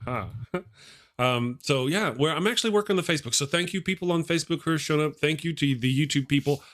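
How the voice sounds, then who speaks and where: A man's voice: a little high, quick pace, a bit bright. A man in his forties hosting a casual livestream talk show, jokey and rambling, laughing often between his remarks. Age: 40s. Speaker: host. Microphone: webcam set above.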